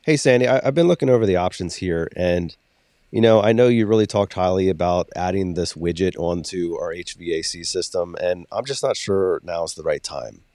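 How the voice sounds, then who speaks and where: Hesitant male customer, cautious about money, low voice, dry close sound, played by a man. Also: normal speed, warm tone, dry recording, close to an everyday voice. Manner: hesitant, hedging.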